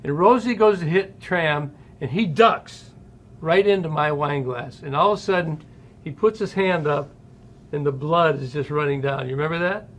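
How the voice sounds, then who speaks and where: A man in his sixties, a former ballplayer hosting an interview, telling lively stories from his playing days. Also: on the high side, moderate pace. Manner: animated storyteller who acts out quotes. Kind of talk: storytelling interview chat.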